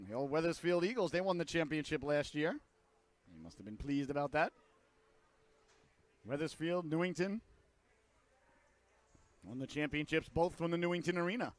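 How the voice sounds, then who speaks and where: A man calling a hockey game play by play, a little hoarse, filling the quiet stretches with rambling jokey asides and rising to loud excitement on shots and goals. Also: on the high side. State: hoarse throat, clearing it. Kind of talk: live sports commentary.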